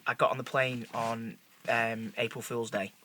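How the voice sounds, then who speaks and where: A man with a Yorkshire accent, a podcast host telling a sweary story in relaxed, casual chat. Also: mid-range voice, moderate pace, slight background noise. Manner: laid-back, sweary anecdote teller. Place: home studio.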